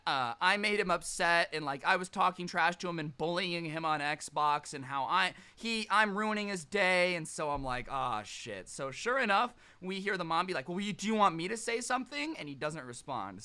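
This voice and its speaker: A young man telling a casual storytime with a sarcastic, animated delivery. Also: fairly high pitch.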